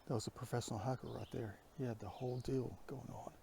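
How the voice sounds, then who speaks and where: A man's voice: mid-range voice, steady tone, fast talker, vocal fry, warm tone, slight background noise. A man vlogging outdoors on a wooded mountain road, talking to a handheld camera and often dropping into a whisper. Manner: rambling, often drops to a whisper. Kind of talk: outdoor hiking vlog.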